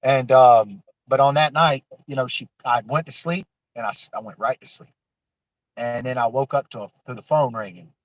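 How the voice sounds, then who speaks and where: A man, telling a raw, emotional personal story with cursing and halting restarts. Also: mid-range voice, dry recording, rough recording. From Florida Panhandle.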